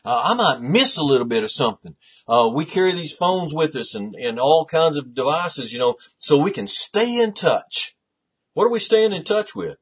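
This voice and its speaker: Husky-voiced male pastor preaching. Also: mid-range voice, animated, moderate pace. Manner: preaching with rising intensity and rhetorical questions. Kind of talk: sermon.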